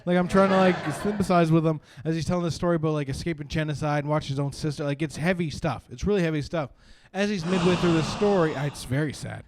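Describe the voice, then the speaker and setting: A young man from Canada doing profane, animated stand-up storytelling on a live stream, jumping into shouted punchlines. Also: a little high, fast, hardly any pauses, background noise. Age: young adult. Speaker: stand-up comedian.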